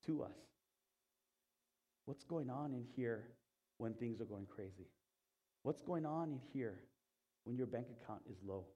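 A man preaching a sermon, telling a story with animation and swinging from loud to hushed, in a conversational way. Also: mid-range voice, husky. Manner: conversational, asks the congregation "Okay?". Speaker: pastor.

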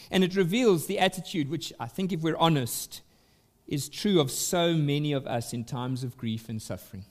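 A man preaches a sermon to his congregation at a church service, in a voice pitched a little higher than most men's. He speaks slowly and deliberately, leaning into his points with sudden rises in pitch and loudness. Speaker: pastor.

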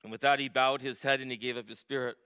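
A male pastor preaching a sermon, moving from quiet, reflective storytelling to emphatic, rising passages. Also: medium pitch, flat delivery, fast talker, clean tone. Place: church.

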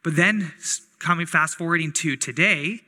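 Young adult male pastor from Canada, very bright and slightly high voice, chatty storytelling sermon, long hall reverb. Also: normal speed. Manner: conversational storytelling, acts out quoted voices.

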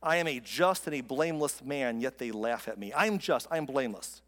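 A man's voice: medium pitch, animated, brisk, a bit bright, lightly acted. A preacher reading the lines of a suffering, bitter man with sarcasm. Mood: bitter, sarcastic. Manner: sarcastic, pleading. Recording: long hall reverb.

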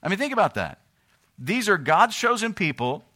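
Bright-voiced preacher man reading scripture. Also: big pitch swings, normal speed. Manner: reads scripture in King James English, then explains with fillers and repeated phrases; grows louder and higher when pleading or quoting. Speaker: pastor. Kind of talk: sermon.

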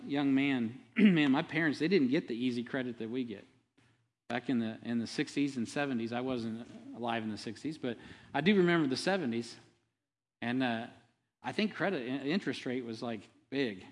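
A man in his fifties preaching a sermon as pastor, talking conversationally with rambling asides and frequent tag questions. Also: medium pitch. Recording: long hall reverb.

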